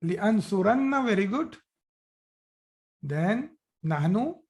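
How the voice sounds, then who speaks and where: A man leads a live online grammar class at an unhurried, deliberate pace, stretching out words as he drills forms. He is patient and encouraging, praising his students after almost every answer. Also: high voice, very animated, darkish tone. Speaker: Arabic grammar teacher.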